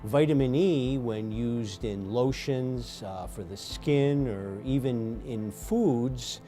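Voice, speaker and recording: A man speaking as a pulmonologist in an interview, giving measured explanations with frequent ums and uhs. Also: medium pitch, dark tone, faint music behind. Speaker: pulmonologist guest. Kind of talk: medical interview answers.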